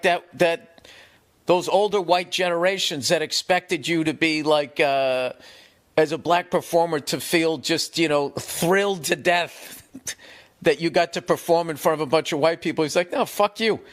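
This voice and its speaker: A man in his fifties telling rambling, profane stories in a casual rant, animated and quick to swear. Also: fairly high pitch. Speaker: comedian. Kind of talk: casual podcast-style rant.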